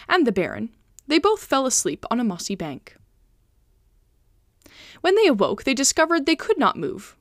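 A woman reading a classic novella aloud for a podcast, with expressive, lively storytelling. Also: on the high side, no echo, studio quality. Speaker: podcast reader.

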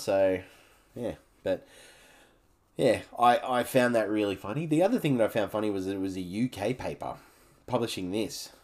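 A man's voice: low-pitched, a little mellow. An Australian man in his thirties, hosting his own podcast in a rambling, frank chat that swears freely. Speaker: podcast host. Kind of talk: casual solo podcast chat.

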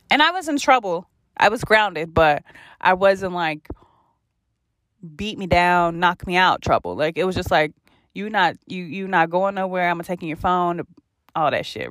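A woman's voice: medium pitch, fairly bright tone, no room sound, clean studio sound. Blunt, profane young woman storyteller. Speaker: podcast host. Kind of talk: candid storytelling.

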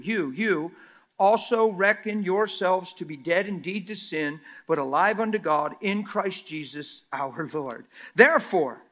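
A male pastor preaching a sermon, asking rhetorical questions and swinging between loud emphatic lines and near whispers. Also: sits high. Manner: mocks critics in a quoted voice.

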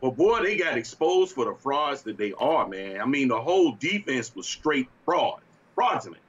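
Male sports talk co-host, exasperated rant, mid-low voice, dull lo-fi sound. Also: very animated, normal speed, slightly rough. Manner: fiery, exasperated ranting with laughter. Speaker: podcast co-host.

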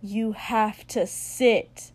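A woman's voice: medium pitch, steady tone, gravelly. Woman narrator playing an aloof, proud young man; curt and subdued, storybook reading. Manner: curt, then quiet and halting.

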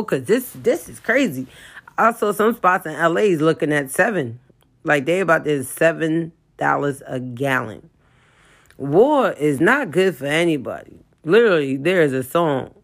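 A woman ranting in a profane, comedic way, with her voice jumping high and loud in heated outbursts. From New York.

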